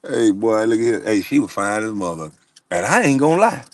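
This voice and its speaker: A man's voice: fairly low pitch, a little fast, dry recording. A middle-aged man telling funny, profane stories as he reacts to chat, laughing often. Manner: laughing, profane, animated storyteller. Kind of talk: casual profane storytelling.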